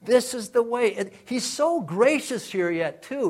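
A man's voice: very high voice, lively intonation, measured pace, a little mellow. A man preaching a sermon as pastor, emphatic and repeating phrases for effect.

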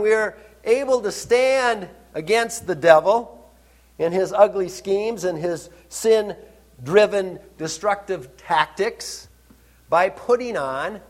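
A male pastor preaching a sermon to his congregation, repeating words for emphasis, asking them questions and swinging between quiet asides and loud, emphatic lines. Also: sits high. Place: church service.

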